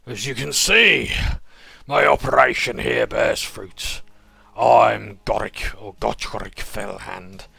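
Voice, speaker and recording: A man voicing a menacing male crime boss who calls himself a king, with a Dudley accent and slow, swaggering threats. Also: fairly low pitch, creaky, bright, forceful tone, slightly rough, no room sound, heavily acted.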